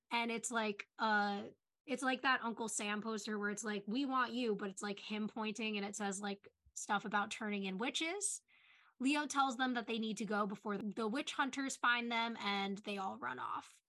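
A young woman co-hosting a podcast, chatting casually and retelling a TV episode in a quick, chatty way full of "like"s. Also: a little high, pushed and bright. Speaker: podcast co-host. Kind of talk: casual chat recapping a TV episode.

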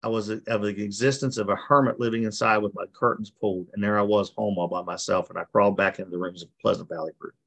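A man's voice: on the low side, fairly even intonation, quick pace, creaky, hardly any pauses, a bit bright. Folksy man telling his story. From West Virginia. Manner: folksy storyteller acting out quoted voices. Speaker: recovery meeting speaker. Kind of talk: personal testimony. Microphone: video call.

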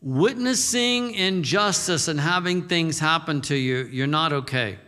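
A man's voice: a little high, measured pace, bright, forceful tone, long reverb tail. An older man preaching a sermon as a pastor, moving between fired-up exhortation and folksy storytelling.

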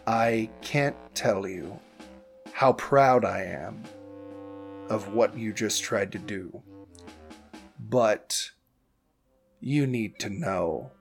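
A man voicing a poised, mysterious masked woman mage who speaks calmly and with quiet condescension. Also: medium pitch, soft background music, lightly acted. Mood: patronizing. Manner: calm, measured, condescending. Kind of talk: tabletop role-play.

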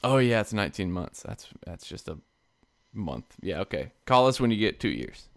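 Casual podcast co-host, male, lowish voice, lively and jokey, dry close sound. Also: normal speed, dry recording. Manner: animated, laughs often, mimics voices. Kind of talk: casual chat.

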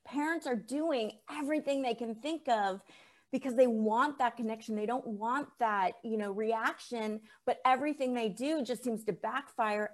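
A woman hosting a podcast interview, asking follow-up questions and summing up her guest's points in an encouraging way. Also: on the high side. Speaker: podcast host.

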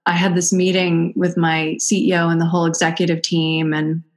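A woman's voice: lowish voice, normal speed. A middle-aged woman, an Ayurvedic practitioner, telling personal stories in casual conversation and acting out the voices of others. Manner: animated, acts out quoted voices.

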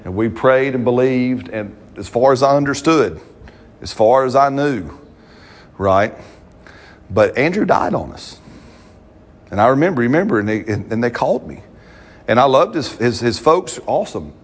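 A man's voice: mid-range voice, expressive, normal speed, pauses often. A man, preaching a sermon as pastor, talking to the congregation in a conversational way and often checking in with "right?".

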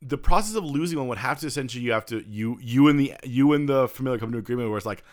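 A man's voice: medium pitch, very fast. A man co-hosting a podcast in casual chat, rambling and correcting himself mid-sentence, laughing often. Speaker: podcast co-host and author.

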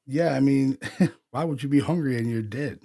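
A man's voice: medium pitch, moderate pace, warm tone. A man hosting a paranormal podcast in a laid-back, casual way, swearing and laughing often. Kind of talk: casual chat.

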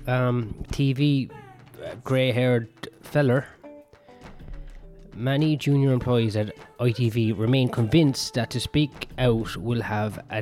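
A man's voice: medium pitch, a little mellow. A young man hosting a podcast alone, rambling and swearing in a self-mocking way. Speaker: podcast host and comedian. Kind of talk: solo rambling podcast monologue.

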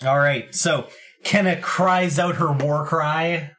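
A man's voice: on the high side, slow pace, fairly bright tone. A man narrating as game master of a tabletop game, describing scenes in a loose, laid-back way with hesitations.

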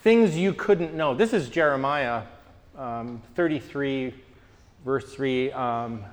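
A man from Canada leading a group teaching discussion, telling stories with lively restarts. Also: mid-range voice, slow, big-room sound. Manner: animated storyteller, frequent restarts.

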